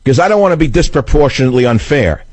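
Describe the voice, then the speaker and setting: A man's voice: mid-range voice, lively intonation, fast talker, darkish tone, no echo. A man hosting a political talk radio show, delivering a combative, sarcastic monologue into a studio microphone. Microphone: studio broadcast mic.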